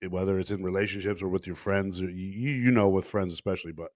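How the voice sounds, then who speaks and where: A man's voice: sits low, fairly even intonation, fast talker, no echo, clean studio sound. A man hosting a podcast, telling a story bluntly with plenty of swearing in casual conversation. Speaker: podcast host.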